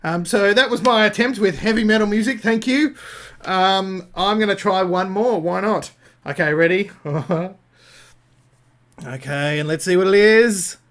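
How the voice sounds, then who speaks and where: Hesitant Australian man, fairly high voice. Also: a little slow, a bit bright. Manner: hesitant, thinking aloud with many fillers and restarts. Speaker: Christian speaker. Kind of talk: improvised explanatory talk.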